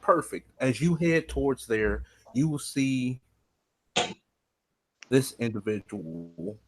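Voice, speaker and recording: A man's voice: mid-range voice, very animated, slow pace, slight background noise, low-quality recording. Game master, male, mid voice; loose, filler-heavy scene narration. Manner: rambling, many fillers like "basically".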